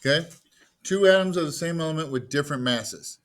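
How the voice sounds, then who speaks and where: A man's voice: a little high, brisk. A man teaching a class in a casual lecture style, posing questions to students and answering them himself, with jokey asides.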